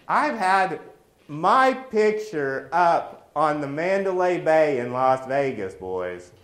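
A man's voice: fairly high pitch, sing-song, slow, fairly bright tone, reverberant. A man preaching a sermon in a folksy, joking way, weaving personal stories into his message.

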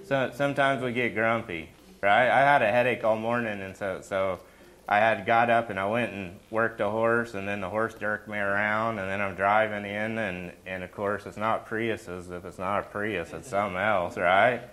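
A man preaching a conversational sermon as a pastor, animated and often asking the congregation questions. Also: mid-range voice.

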